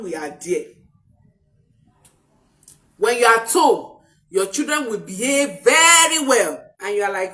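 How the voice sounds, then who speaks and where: A woman's voice: medium pitch, lively intonation, normal speed, fairly bright tone, far from the mic. A woman, a parenting coach giving an emphatic talk and repeating her key points.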